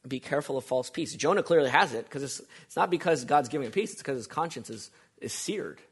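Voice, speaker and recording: A man's voice: medium pitch, lively intonation, fairly quick, slightly rough. A man preaching a sermon, emphatic and repetitive, asking the congregation rhetorical questions. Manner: emphatic, repeats phrases, asks rhetorical questions.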